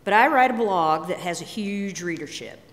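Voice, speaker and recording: A middle-aged woman giving a candid, emotional personal talk on stage, swinging between quiet and emphatic. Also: lowish voice, lively intonation, normal speed. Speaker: speaker. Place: large hall. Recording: long hall reverb.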